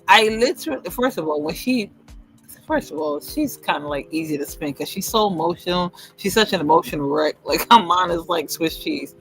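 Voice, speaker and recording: A man's voice: sits high, pushed and bright, rough recording. A man hosting a casual livestream chat, gossipy and laughing often as he acts out what others said. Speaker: host.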